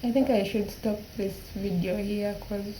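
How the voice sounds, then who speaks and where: A woman's voice: medium pitch, fairly even intonation, noisy background. Tearful young woman sharing her feelings. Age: 20s. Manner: halting, emotional, repeats herself. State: tearful, crying at times. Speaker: vlogger. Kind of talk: personal confessional vlog.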